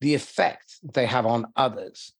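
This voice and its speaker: Husky man, measured interviewer. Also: mid-range voice. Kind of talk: interview questions.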